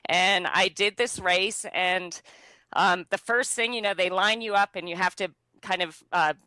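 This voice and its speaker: A young adult woman, a guest, telling a personal story in an animated way, laughing often and using many fillers. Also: on the low side, unhurried, no echo. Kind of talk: conversational storytelling.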